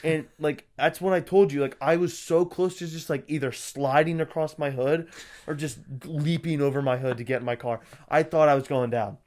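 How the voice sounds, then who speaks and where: A young man co-hosting a podcast, telling animated, profanity-laced stories in casual chat and acting out what people said. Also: on the high side, normal speed. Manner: animated, swears a lot, acts out quotes. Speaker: podcast co-host.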